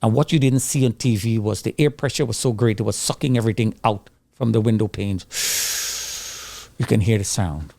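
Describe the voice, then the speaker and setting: A middle-aged man giving an intense personal testimony of surviving a disaster, acting out his own pleas and the shouts he heard. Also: fairly low pitch, quick pace, vocal fry, few pauses, no room sound. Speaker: survivor telling his story.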